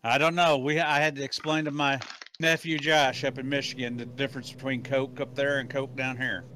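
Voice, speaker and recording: A man from Florida chatting casually on a flight sim stream, teasing and quick to laugh. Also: medium pitch, little pitch movement, pushed and bright, dry recording. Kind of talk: casual chat.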